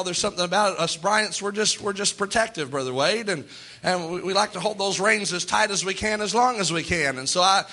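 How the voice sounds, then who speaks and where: High, bright-voiced man preaching a sermon. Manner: folksy storytelling with repeated restarts. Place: church.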